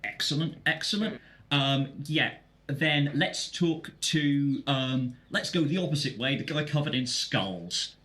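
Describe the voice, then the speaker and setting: A man running a tabletop game as game master, easygoing and halting with fillers. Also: fairly high pitch, bright, forceful tone.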